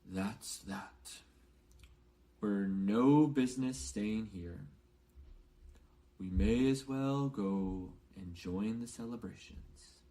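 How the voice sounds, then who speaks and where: A man voicing a calm old wizard headmaster who speaks in a measured, unhurried way. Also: fairly low pitch. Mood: quiet.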